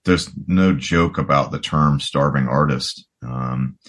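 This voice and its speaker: A man's voice: a bass voice, slow pace, fairly bright tone. A man in his forties from the United States, a guest rock guitarist talking in a rambling, casual way full of "you know" and restarts. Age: 40s. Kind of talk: casual podcast conversation.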